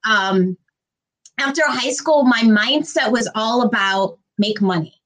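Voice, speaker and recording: A woman's voice: on the high side, slow pace, rough recording. A woman from Indiana telling her life story as an interview guest, reflective and storytelling. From Gary, Indiana, USA. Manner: warm storytelling, animated when quoting. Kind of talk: conversational interview.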